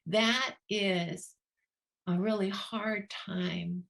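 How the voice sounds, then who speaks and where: An earnest woman speaks at an unhurried, deliberate pace, her voice sitting in an ordinary middle range. She leads a children's divorce program and tells a story, slipping into the voices of the people she quotes. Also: medium pitch, steady tone, vocal fry, a bit bright. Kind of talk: storytelling talk.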